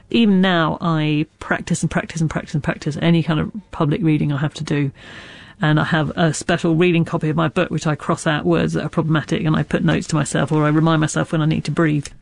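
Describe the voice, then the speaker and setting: A middle-aged woman author talks candidly in an interview, circling back with restarts and asides. She lives with a stammer, and her voice has a gravelly edge. The sound is dry and close. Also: low-pitched, a little mellow, no echo. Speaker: author guest. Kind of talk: reflective interview talk.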